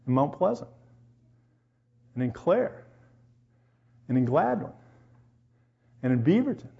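In a church hall, a man with a fairly high voice and vocal fry preaches slowly to the assembled congregation. He's animated, weaving in personal stories and directly peppering his listeners with questions. The highs are cut off in the audio.

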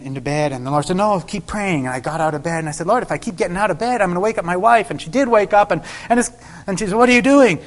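Animated preacher, higher man's voice. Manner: animated storyteller, acts out dialogue with sudden loud bursts. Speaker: preacher telling a testimony. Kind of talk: sermon storytelling.

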